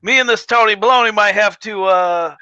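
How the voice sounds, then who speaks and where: A man's voice: high voice, fairly quick, sharp tone, clean tone, dry recording, dull audio. A man co-hosting a gaming podcast in an easygoing, joking way. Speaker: podcast co-host. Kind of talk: casual podcast chat.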